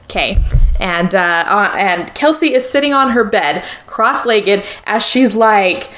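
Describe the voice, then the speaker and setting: A woman's voice: mid-range voice, animated, measured pace, fairly bright tone, echoey room. A woman co-hosting a podcast, recapping a movie in a loose, rambling way with lots of fillers. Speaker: podcast co-host.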